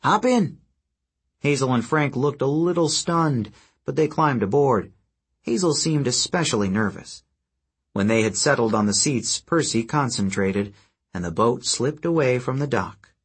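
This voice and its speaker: A man narrating an audiobook in a steady storytelling manner with a husky voice. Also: mid-range voice, moderate pace. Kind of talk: scripted narration.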